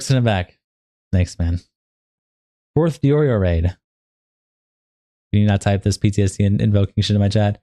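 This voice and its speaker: A sleepy, yawning young man livestreams while reading a long document aloud, casual and profane, with sudden bursts of hype. His voice is lowish and dark. The sound is clean studio audio with no echo.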